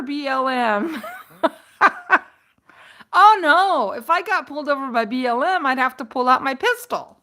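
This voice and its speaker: Brief: chatty woman live-streamer, fairly high voice, rambling and laughing through a story. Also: measured pace, long pauses. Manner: rambling, animated, laughs and restarts often. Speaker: vlogger on a live chat stream.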